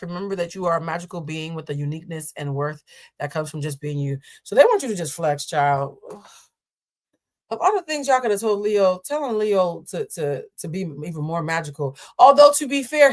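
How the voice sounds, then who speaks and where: A woman hosting a live tarot reading, chatting with viewers in a sassy, playful way. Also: fairly low pitch. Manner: sassy, playful and chatty, calls listeners "child". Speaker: tarot card reader hosting a live stream. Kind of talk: casual live-stream tarot reading, answering chat.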